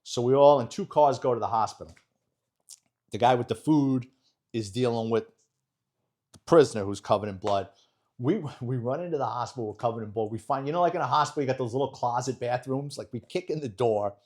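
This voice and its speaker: A middle-aged man, speaking at an ordinary middle pitch. He tells a story in a blunt, animated way, swears freely and acts out what each person said. He sounds like a guest on a podcast interview. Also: fairly quick. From New York. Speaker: retired police detective, guest.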